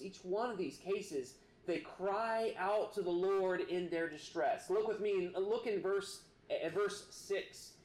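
A man preaching a sermon, earnest and halting, with many restarts. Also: sits high, echoey room, slight background noise. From United States. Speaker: pastor.

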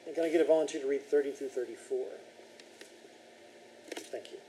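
A man's voice: mid-range voice, steady tone, a little fast, roomy sound, noisy background. A man leading a Bible study class, reading scripture aloud and then explaining it and questioning his students.

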